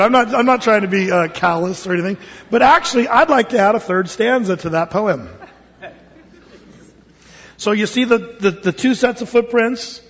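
Pastor, man, high husky voice, storyteller who acts out the voices, long hall echo on a dull recording. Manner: animated storytelling, acts out voices, stammers and repeats words. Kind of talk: sermon.

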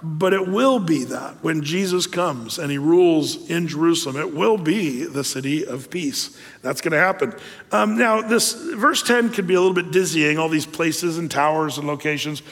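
A man's voice: a little high, moderate pace, a bit bright, in a large hall. A man preaching a sermon as a pastor, talking in a loose, conversational way with frequent fillers and asides.

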